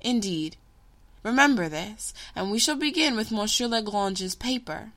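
A woman reading a story, voicing a patient, wise, magical female teacher who teases gently. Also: on the high side, unhurried, pitched above the performer's own voice. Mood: patient, teasing. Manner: calm, gently teasing teacher.

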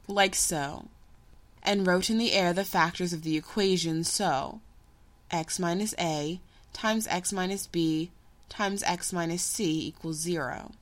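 A woman narrating a story in a measured, unhurried reading voice. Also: lowish voice.

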